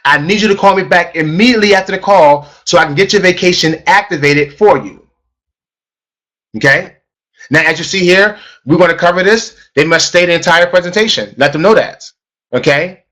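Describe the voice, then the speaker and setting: Man, high-pitched, sales trainer, emphatic, repeats himself, asks the listeners questions. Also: normal speed, a bit bright. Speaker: network marketing trainer. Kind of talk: energetic training talk.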